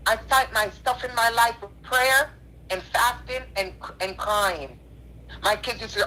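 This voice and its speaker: A woman's voice: mid-range voice, normal speed, pushed and bright. A tearful woman calling in on a phone line, talking in an earnest, repetitive, preacherly way. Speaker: caller. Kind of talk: emotional call-in apology.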